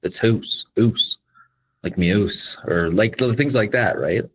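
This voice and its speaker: A man's voice: lowish voice, moderate pace, a little hiss or hum, poor audio. A young man from Newfoundland with a Newfoundland accent, a guest in a casual chat who rambles, filling his talk with "like" and "yeah.". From Newfoundland, Canada. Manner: rambling, heavy use of "like" and "yeah". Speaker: guest, content creator.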